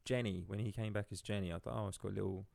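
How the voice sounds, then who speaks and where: A man's voice: steady tone, very fast, creaky, darkish tone, dry recording. A man co-hosting a casual film podcast, speaking in a dry, understated way. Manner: dry, understated, low-key. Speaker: podcast co-host. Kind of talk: casual film-review chat.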